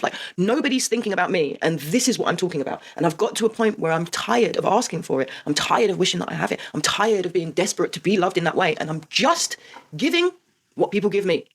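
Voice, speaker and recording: A woman's voice: fairly low pitch, lively intonation, quick pace, husky. A woman in her forties, hosting a heartfelt confessional monologue, emphatic and blunt with the odd swear. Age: 40s. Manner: emphatic and heartfelt, swears, asks rhetorical "right?". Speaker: host.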